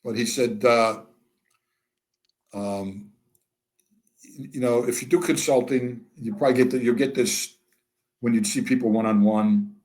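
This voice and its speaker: Speaking at a medium pitch and in no hurry, this older American interview guest pauses often as he shares candid stories. With dry humor, he animatedly acts out the dialogue for both parties.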